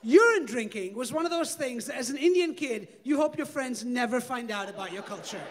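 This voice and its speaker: A man reading his comic memoir aloud in a dry, deadpan storytelling manner. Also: very high-pitched, a little fast, background noise.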